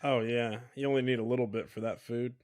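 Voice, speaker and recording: A man hosting a casual podcast chat, easygoing and quick to laugh. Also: medium pitch, steady tone, darkish tone, no echo, clean studio sound. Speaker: podcast host.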